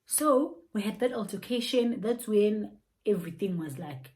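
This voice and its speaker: A young South African woman with a South African accent telling an animated story, laughing often and dropping local slang. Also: medium pitch, moderate pace, low-quality recording. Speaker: YouTuber. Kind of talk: casual storytime.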